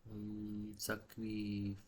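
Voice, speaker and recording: A man's voice: fairly low pitch, monotone, very slow, a little hiss or hum. A young man talking in a rambling, musing video journal, swearing casually and often trailing off mid-thought. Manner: restless, trails off and restarts. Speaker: vlogger.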